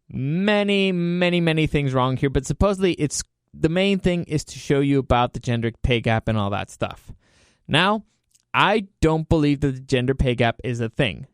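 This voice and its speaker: A man's voice: mid-range voice, clear, resonant tone, no room sound, studio quality. A man hosting a solo commentary podcast, ranting heatedly with lots of swearing and rhetorical questions. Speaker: podcast host.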